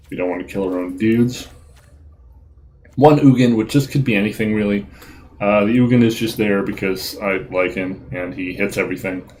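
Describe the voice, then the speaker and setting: Man, lowish voice, laid-back gameplay commentary with lots of ums, faint room hiss behind. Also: low-quality recording. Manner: relaxed, self-deprecating, frequent ums and uhs. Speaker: gaming video host.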